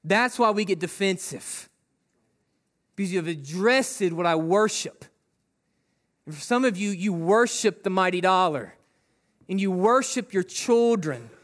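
Male pastor with a high voice, preaching conversationally, full of rhetorical questions. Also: lively intonation, measured pace, pauses often, a bit bright. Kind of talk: sermon.

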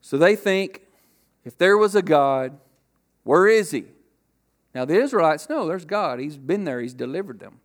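A man preaching a sermon to a congregation, asking rhetorical questions and acting out loud quotes. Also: fairly high pitch, animated, moderate pace. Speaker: pastor.

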